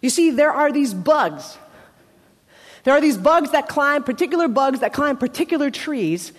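High-voiced woman preaching a sermon. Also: animated, in a large hall. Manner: conversational, with dramatic pauses.

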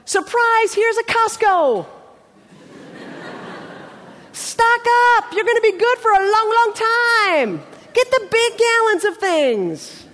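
A woman preacher voicing God as an excited, casual male deity who gushes in playful slang. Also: on the high side, normal speed, long pauses, big-room sound.

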